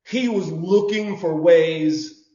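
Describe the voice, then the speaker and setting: Animated man telling wrestling stories. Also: fairly high pitch, slow pace. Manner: animated storyteller, says "brother", repeats words. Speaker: guest, former wrestler. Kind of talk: casual storytelling interview. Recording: dull lo-fi audio in an echoey room.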